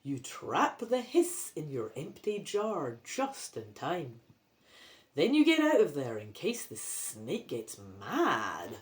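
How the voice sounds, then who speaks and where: A Scottish woman reads a choose-your-own-adventure book aloud and breaks off for playful, self-mocking commentary. Her voice leaps around with very lively intonation. She takes her time, reading at a slow, easy pace. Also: low-pitched. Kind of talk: reading a storybook aloud with chatty asides.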